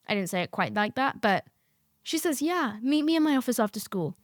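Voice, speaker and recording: A woman's voice: fairly high pitch, moderate pace, dry recording, clean studio sound. A young woman podcast host telling a story casually, swearing freely and acting out the people she quotes. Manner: animated, swears freely, acts out quoted voices.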